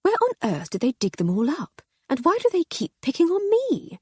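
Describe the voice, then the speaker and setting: A woman's voice: high voice, huge pitch swings, moderate pace, mellow, no room sound, clean studio sound, pitched above the performer's own voice. Woman doing an arch, witty aristocratic lady.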